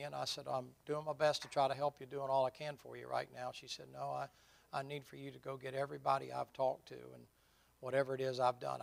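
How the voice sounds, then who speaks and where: Man, middle-aged, gravelly folksy preacher who swings from quiet storytelling to loud emphasis. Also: medium pitch. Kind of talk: sermon with personal stories.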